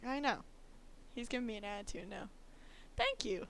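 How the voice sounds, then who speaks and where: A woman's voice: medium pitch, fast talker, gravelly, fairly bright tone. A woman streamer chatting casually and laughing a lot while she draws live. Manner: giggly, chatty, self-teasing.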